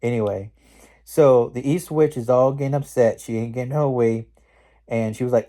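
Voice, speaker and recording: A man's voice: mid-range voice, moderate pace, dark tone. A man casually recapping a movie scene by scene, rambling and slangy with lots of fillers. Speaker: movie reviewer.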